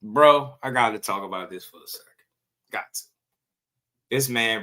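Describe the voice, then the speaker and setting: A man's voice: fairly low pitch, normal speed, pushed and bright. A man hosting casual boxing commentary, ranting with profanity, slang and rhetorical questions.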